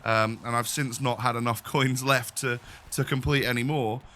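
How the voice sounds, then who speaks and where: A young man talks straight to his viewers in loose, rambling chat full of fillers. He is bunged up with a summer cold, and his voice is bright and forward at a middling pitch. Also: steady tone, moderate pace. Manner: chatty, rambling, many fillers. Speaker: gaming YouTuber. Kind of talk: casual video intro chat.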